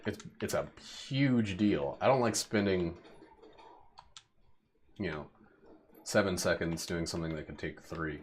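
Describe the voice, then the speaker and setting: A man's voice: deep voice, measured pace, pauses often, a little hiss or hum. Rambling, cussing young guy streaming a game. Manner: rambling, profane, joking. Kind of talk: casual gameplay commentary.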